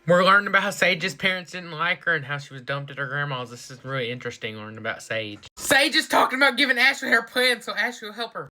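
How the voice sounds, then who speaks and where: Excitable bright-voiced TV reaction reviewer. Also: medium pitch, quick pace, hardly any pauses. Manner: excitable, gasps and shouts at surprises, keeps saying she's worried. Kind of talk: casual episode reaction commentary.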